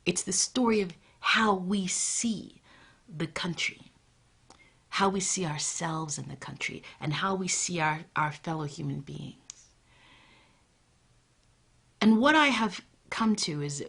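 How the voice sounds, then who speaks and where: A woman storyteller with a bright, breathy voice. She speaks intimately, slowing down and whispering to draw listeners in. Her pitch sits slightly low. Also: lively intonation. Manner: intimate, often dropping to a whisper. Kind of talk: live storytelling.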